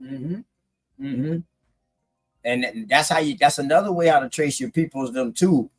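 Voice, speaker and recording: A man's voice: mid-range voice, unhurried, soft background music. A man hosting a casual chat, talking in a slangy way and explaining things point by point. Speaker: host.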